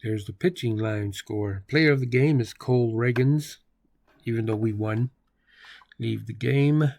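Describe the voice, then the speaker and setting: A man's voice: medium pitch, a little slow, vocal fry, dry recording, studio quality. A man hosting a video game channel, calling play-by-play on a baseball simulation with jokey nicknames for the players. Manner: jokey nicknames, excitable on big plays.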